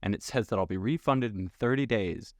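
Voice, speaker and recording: A man narrating a travel story as a vlogger, animated and acting out the dialogue. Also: on the low side, fairly quick, over loud music. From Canada. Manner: animated, acts out quoted dialogue.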